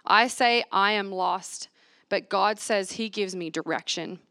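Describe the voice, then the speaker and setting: A woman's voice: mid-range voice, fairly even intonation, measured pace, a bit bright, no room sound, clean studio sound. A woman leading a church reflection, reading scripture aloud and asking the listeners to repeat affirmations after her. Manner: earnest, asks the room to repeat lines. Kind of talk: sermon with call-and-response scripture reading. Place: church gathering.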